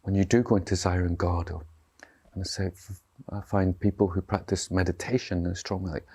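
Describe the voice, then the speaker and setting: A man's voice: low voice, level tone, moderate pace, vocal fry, darkish tone, slightly rough. A man giving a dharma talk as a meditation teacher, speaking loosely and conversationally and often checking in with his listeners. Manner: conversational, checks in with tag questions.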